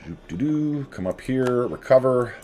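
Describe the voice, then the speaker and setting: A man's voice: medium pitch, lively intonation, measured pace, background noise. A man giving casual, jokey commentary while playing a strategy game, chatting to his units as he goes. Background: faint game music.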